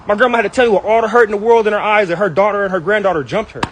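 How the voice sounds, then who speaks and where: A young man with a high voice rattles through an angry, wounded rant, piling up slang and going back over the same points. He talks fast and is recorded outdoors, with faint street traffic behind him. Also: rough recording. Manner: angry, hurt, repetitive, slangy. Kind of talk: heated personal rant.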